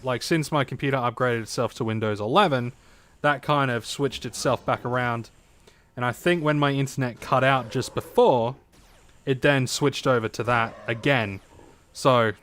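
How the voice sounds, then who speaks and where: Man, game streamer, smooth clear voice, casual rambling chat, swears a lot. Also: medium pitch, fairly bright tone. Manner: rambling, swears freely, lots of fillers. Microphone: desk mic at home streaming setup.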